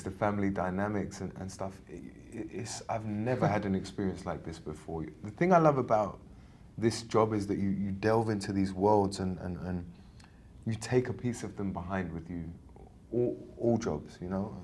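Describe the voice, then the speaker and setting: A man's voice: fairly low pitch, slight background noise. A man in his thirties from England, an actor chatting in an interview, telling stories animatedly with many restarts. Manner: animated storytelling, frequent restarts. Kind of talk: casual interview chat.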